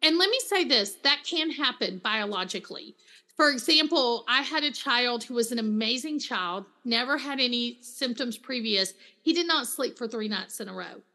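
A middle-aged woman, a counselor and author, chatting as an interview guest and telling stories with lively quoted voices. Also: fairly high pitch, normal speed. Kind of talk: casual interview chat.

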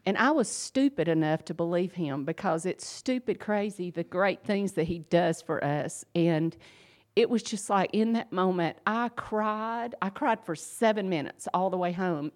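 A woman's voice: mid-range voice, normal speed. A woman in her fifties giving a personal faith testimony, earnest and emphatic, talking conversationally with fillers. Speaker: speaker sharing a faith testimony.

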